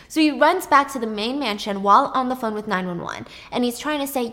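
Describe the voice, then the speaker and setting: A woman casually retelling a film plot, animated and chatty with lots of fillers. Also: a little high, fast talker, hardly any pauses.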